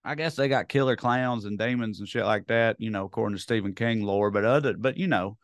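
On his own podcast, a man with a lowish voice chats casually and briskly into the microphone, rambling, joking and poking fun at himself. The sound is studio quality with no echo.

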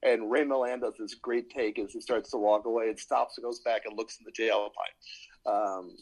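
A man's voice: on the low side, fairly even intonation, normal speed, a little mellow, poor audio. A man in casual panel chat, talking in a rambling way with many ums and restarts. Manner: rambling, hesitant with many fillers.

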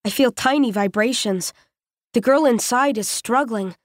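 A woman reading a scripted first-person story in a measured, tense, intimate manner. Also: a little high, no room sound. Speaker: narrator. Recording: dry close studio voice.

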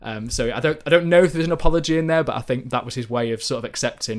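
A man's voice: mid-range voice, racing. A young man, a football correspondent, telling stories in a chatty, rambling way on a podcast. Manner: chatty storyteller, many ums and restarts. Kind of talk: podcast chat.

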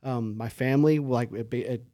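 A man's voice: mid-range voice, steady tone, brisk, mellow, dry recording, studio quality. A man telling stories from his past as a podcast guest, candid and self-deprecating, dropping "man" and "dude" into his sentences. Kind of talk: casual podcast storytelling.

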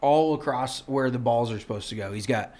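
Man, podcast co-host, casual storytelling, animated, swears a lot, mid-pitched voice. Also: a little fast. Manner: animated, profane, exasperated storytelling.

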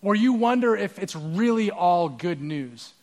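High-voiced conversational pastor. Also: male voice, expressive, a little slow, darkish tone. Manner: conversational, uses props and asides to the audience. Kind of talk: sermon.

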